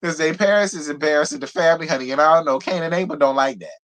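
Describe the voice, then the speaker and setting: A man recapping reality TV live, his voice sitting a touch higher than most men's. He talks in a loose, gossipy, profane way, full of laughs and pointed asides. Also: quick pace, a bit bright. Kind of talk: casual live review commentary.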